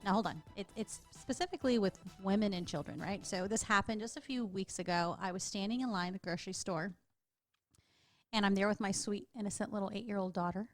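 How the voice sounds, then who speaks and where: A woman's voice: mid-range voice, fast talker, no echo, soft background music. A middle-aged woman with a Texan accent, co-hosting a podcast and telling stories in a chatty way, laughing often. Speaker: podcast co-host. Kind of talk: casual chat.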